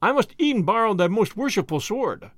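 A man's voice: high voice, very animated, normal speed, a bit bright, no room sound, pitched above the performer's own voice, heavily acted. A man voicing a bold, hearty outlaw who speaks in old-fashioned phrases.

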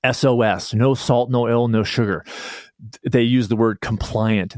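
Animated male guest author, dry sound. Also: medium pitch, unhurried, dry recording. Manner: animated storyteller, rambling restarts. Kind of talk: casual podcast conversation.

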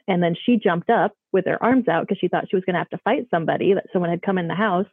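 A woman's voice: on the low side, fast talker, breathy edge, no echo. A woman chatting through a story in a loose, casual way, sprinkling in fillers as she goes. Her voice comes over a thin, phone-like line with a dry, close sound. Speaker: guest telling ghost stories.

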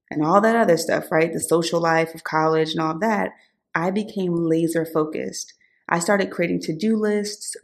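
A woman's voice: lowish voice, a little mellow. A woman co-hosting a podcast, talking earnestly and personally about her life and goals. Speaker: podcast co-host. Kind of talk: casual podcast chat.

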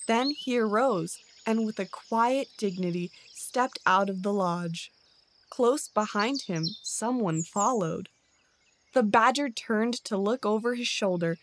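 A woman reading a storybook tale aloud in a measured, gentle way. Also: medium pitch, slight background noise. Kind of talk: scripted storybook narration.

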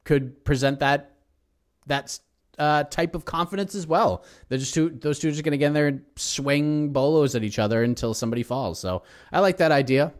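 A man co-hosting a podcast, talking about fighters in a relaxed, easygoing way. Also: a little high, moderate pace. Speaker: podcast co-host. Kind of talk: casual sports chat.

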